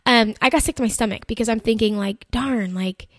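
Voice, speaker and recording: A woman telling a personal faith story in a chatty, animated way, full of "like" and "you know". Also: fairly high pitch, fast talker, no echo, clean studio sound. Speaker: Christian content creator. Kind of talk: casual faith-based storytelling.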